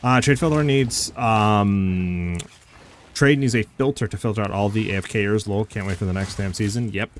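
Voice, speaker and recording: A man's voice: on the low side, normal speed, slight background noise. A young man streaming a game, chatting casually and answering chat questions with lots of "like" fillers. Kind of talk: casual live-stream commentary.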